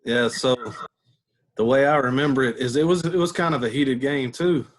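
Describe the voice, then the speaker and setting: A former catcher, appearing as a podcast guest, tells a story in a relaxed manner and laughs as he goes. His voice is mid-range and his speed normal.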